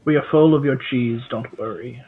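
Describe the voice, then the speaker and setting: A man's voice: medium pitch, normal speed, a little hiss or hum. A man playing a tabletop game, talking bluntly and confrontationally in character. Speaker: player. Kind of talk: tabletop role-play. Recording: tinny phone-like call audio.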